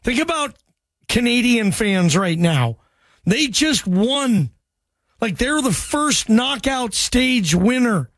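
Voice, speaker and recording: High-voiced, hyped sports radio host. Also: male voice, takes it slowly, dry recording. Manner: energetic, loose, jokey, calls callers bro. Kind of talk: call-in radio talk.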